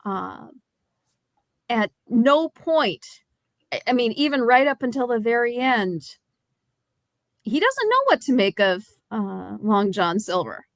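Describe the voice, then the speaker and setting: A woman's voice: fairly high pitch, sing-song, no echo. Analytical woman co-host, dry sound. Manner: informative, analytical, measured. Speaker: podcast co-host. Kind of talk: casual movie review chat.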